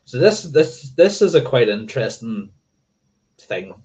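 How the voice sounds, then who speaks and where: A man's voice: medium pitch, sing-song, a little slow, darkish tone, lo-fi sound. A man hosting a casual livestream, rambling and correcting himself and swearing offhandedly. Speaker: motorcycling livestream host.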